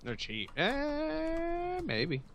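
A man on a voice call chiming in with teasing jokes during a game. His voice is bright and crisp, and a faint hiss sits under the line. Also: very high-pitched, huge pitch swings, drawn-out words. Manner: joking, teasing, chimes in briefly. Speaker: co-player on voice call. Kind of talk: casual gameplay chat.

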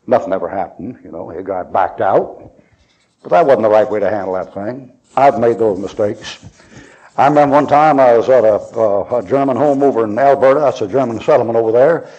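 Folksy man preaching on old tape. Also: mid-range voice. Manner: folksy, animated storytelling with quoted voices. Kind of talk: storytelling sermon. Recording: dull lo-fi archival sermon tape.

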